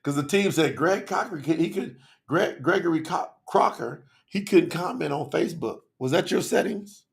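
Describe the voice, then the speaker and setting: Gravelly, fired-up man hosting a livestream. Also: fairly high pitch, moderate pace. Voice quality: passionate and excitable, calls out viewers by name. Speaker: livestream host. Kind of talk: lively livestream talk to chat viewers.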